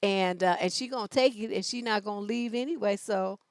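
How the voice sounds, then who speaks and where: A woman's voice: mid-range voice, dry recording, studio quality. A woman hosting a live-stream show as a relationship coach, talking bluntly with plenty of profanity and sass, stretching out words for emphasis. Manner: animated, drawn-out emphasis.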